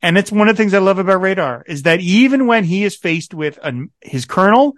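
A man co-hosts a podcast, animated and quick to laugh as he retells scenes and quotes the characters. His voice sits a little high, and the sound is dry and close, with no room around it. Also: no room sound. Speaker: podcast co-host. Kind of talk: casual chat recapping a TV episode.

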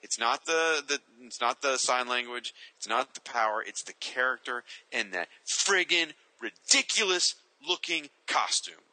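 A man's voice: mid-range voice, moderate pace, few pauses, sharp tone, dry recording, rough recording. A man co-hosting a casual comics chat, opinionated and ranting. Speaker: co-host.

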